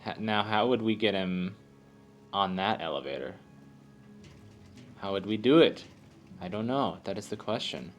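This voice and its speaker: Slow-talking low-voiced man, casual gamer. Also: vocal fry. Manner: rambling, halting, self-deprecating. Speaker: let's play host. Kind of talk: casual gameplay commentary. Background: faint game music.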